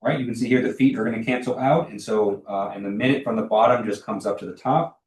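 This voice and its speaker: A man's voice: on the low side, quick pace. A young man lecturing a university class in a casual, filler-heavy way, often stopping to check for questions. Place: lecture hall. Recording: echoey lecture hall, distant mic.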